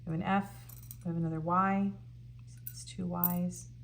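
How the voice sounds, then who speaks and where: A woman with a low, unhurried voice gives a casual pick-a-card tarot reading. She muses aloud and reads out card messages, filling pauses with ums. A faint hiss sits behind her. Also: level tone. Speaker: tarot reader.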